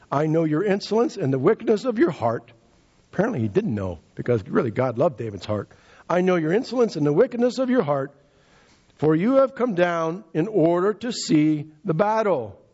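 A man's voice: a little high, animated, moderate pace, darkish tone, breathy edge. A man preaching a sermon, retelling scripture in casual speech and repeating key phrases for emphasis. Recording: dull lo-fi recording.

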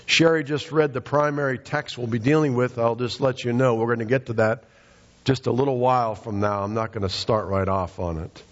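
Male pastor, relaxed storytelling sermon, mid pitch, muffled reverberant hall. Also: a little fast. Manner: conversational, storytelling preaching with restarts. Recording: dull, echoey hall recording.

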